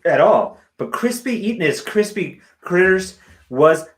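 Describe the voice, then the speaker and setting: Slow-talking male improviser. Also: sits high, expressive. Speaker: improv performer. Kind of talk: improvised story narration.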